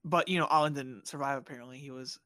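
A man from Bosnia, the podcast host, casually telling a childhood story and acting out the people in it with squeaky voices. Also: fast, dry recording. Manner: animated, acts out quoted voices in high squeals.

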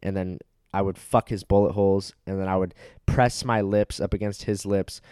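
A man's voice: low-pitched, steady tone, moderate pace, mellow, clear, resonant tone, no echo, clean studio sound. A young man telling a rambling, profane comedic story that keeps getting heated, with plenty of filler words.

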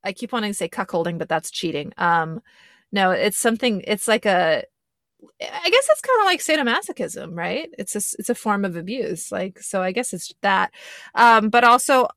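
A woman's voice: medium pitch, expressive, moderate pace, fairly bright tone, no room sound, clean studio sound. A young woman in casual podcast chat, opinionated and emphatic, making sweeping asides.

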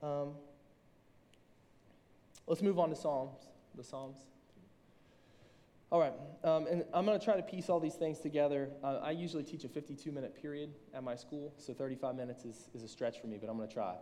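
Mellow-voiced man preaching in a reverberant room. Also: on the high side. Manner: reads scripture slowly and deliberately. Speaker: lay preacher, a school reading teacher. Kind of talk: sermon with scripture reading. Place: room with an audience. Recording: long reverb from a large room.

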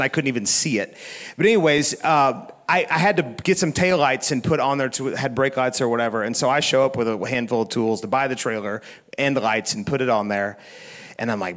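A man's voice: a little high, fairly bright tone. Chatty man preaching a sermon. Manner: conversational storytelling with frequent laughs and restarts. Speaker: pastor.

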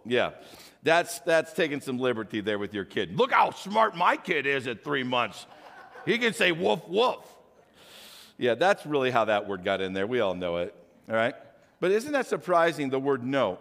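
An older man preaching a sermon as a pastor, talking conversationally with animated rhetorical questions. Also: fairly high pitch, in a large hall.

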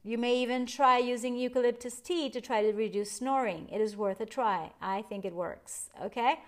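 A woman's voice: on the high side, normal speed. A woman hosting a podcast as a life coach, chatting in an encouraging way, laughing often and reading some facts aloud. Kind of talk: casual podcast monologue.

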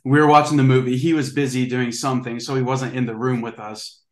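A man's voice: mid-range voice, level tone, a little fast. A young man guesting on a laid-back podcast and telling stories animatedly. His voice sits in the middle range and carries a roomy echo. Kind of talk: casual podcast chat.

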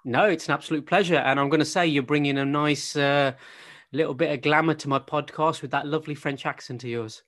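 Podcast host guy, slightly high voice, upbeat, reading a guest bio. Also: steady tone, brisk, fairly bright tone. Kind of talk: podcast intro and interview.

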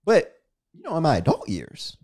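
A man's voice: fairly high pitch, huge pitch swings, moderate pace, darkish tone, slightly rough. Young guy podcast cohost, voice swings up and down a lot, playful storytelling. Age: young adult. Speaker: podcast co-host. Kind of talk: casual chat.

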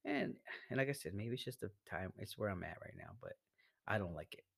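A man co-hosting a podcast, chatting casually in halting, rambling sentences full of restarts and swearing. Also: on the low side, lively intonation, vocal fry. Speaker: podcast co-host.

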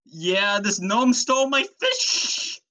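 A man voicing an excitable, loud male fisherman in a high, drawn-out comedic voice. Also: exaggerated voice. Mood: frantic. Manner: high-pitched, slow and drawn-out. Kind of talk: comedy podcast skit.

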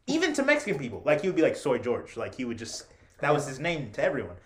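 Rapid-fire and mid-range in voice, this podcast host tells stories in a casual chat. He's animated, laughs frequently, and acts out the quotes.

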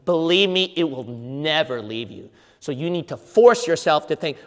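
A man preaching a sermon in an emphatic, repetitive way, with sudden loud outbursts. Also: a little high, animated, normal speed. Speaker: pastor. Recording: long hall reverb.

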